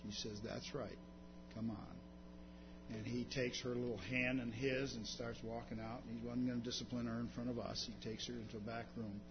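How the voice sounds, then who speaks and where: A man preaching a sermon, swinging between loud emphatic passages and low, intimate storytelling. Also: flat delivery, fairly quick, few pauses. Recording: dull lo-fi recording with background hum.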